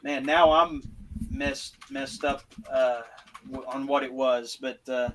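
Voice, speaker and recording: A man's voice: medium pitch, takes it slowly, creaky, a bit bright, a little hiss or hum. A man co-hosting a casual podcast chat, rambling with restarts and wry asides. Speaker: podcast co-host.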